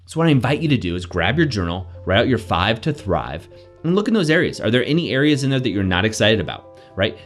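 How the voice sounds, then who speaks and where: Male life-coach host, energetic and chatty, animated intonation, motivational delivery. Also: lowish voice, quick pace, soft background music. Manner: energetic, conversational, frequent "right?" asides. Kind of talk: motivational self-help talk.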